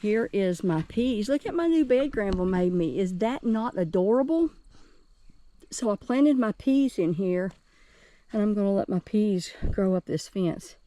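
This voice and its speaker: A woman's voice: medium pitch, expressive, a little slow, warm tone, no room sound. A woman from West Virginia, giving a chatty, cheerful tour of her home garden outdoors and talking straight to her viewers. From West Virginia, USA. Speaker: gardening vlogger. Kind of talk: casual garden tour vlog.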